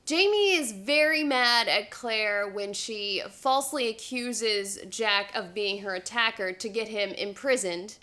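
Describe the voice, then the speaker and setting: Speaking in a mid-range voice that is pushed and bright, this vlog host talks unhurriedly with few pauses. She casually weighs a book against its show, retelling the story conversationally with hedging fillers.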